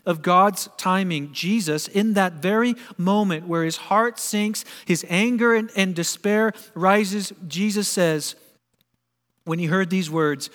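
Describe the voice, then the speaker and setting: A pastor delivering a sermon, preaching earnestly and emphatically and asking rhetorical questions. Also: male voice, sits high, takes it slowly, a bit bright. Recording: long reverb of a large hall.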